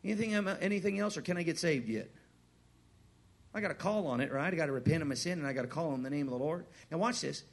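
A man preaching a sermon, asking the crowd questions, repeating his words and swinging from hushed to loud. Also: fairly high pitch, quick pace, gravelly. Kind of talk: sermon with a personal story.

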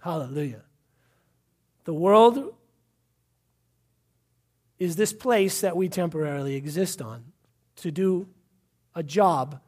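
A man from Massachusetts, USA preaches a fervent sermon, repeating his points and calling out hallelujahs. His voice is on the high side, animated and a little mellow with a breathy edge, and he speaks slowly with long pauses.

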